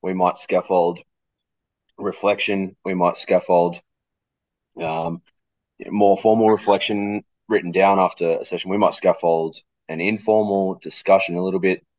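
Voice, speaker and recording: Very low, dry-sounding coach. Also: male voice, steady tone, measured pace, darkish tone, dry recording, dull audio. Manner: thoughtful, repeats words as he thinks. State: coughing fit. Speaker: coach, interview guest. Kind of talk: casual interview chat.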